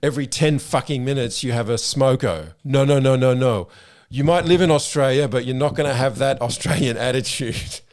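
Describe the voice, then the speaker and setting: A man's voice: mid-range voice, normal speed, few pauses, voice pushed up, lightly acted. A man voicing an angry, strict European father who swears as he scolds his teenage son. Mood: furious. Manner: shouting, swearing, repeating "no".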